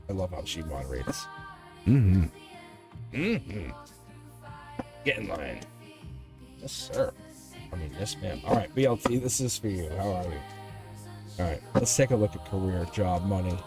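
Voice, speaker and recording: A man's voice: deep voice, expressive, normal speed, long pauses, over music. A man giving live-stream tarot readings to viewers in a rambling, earnest way, often restarting his sentences and getting emotional.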